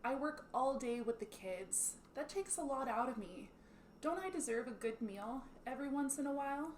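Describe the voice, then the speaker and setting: A woman's voice: sits high, expressive, normal speed, echoey room, a little hiss or hum, pitched above the performer's own voice. A woman voicing a tired housewife in an acted role-play, asking timidly and pleading. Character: worn-out pleading wife.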